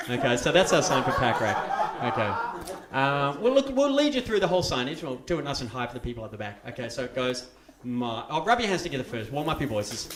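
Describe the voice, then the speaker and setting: A man's voice: mid-range voice, fast talker. A man performing a playful comedy show, chatting with and leading a live audience. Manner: chatty, playful, lively and laughing. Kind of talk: live comic stage show with audience participation. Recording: echoey live stage recording with background noise.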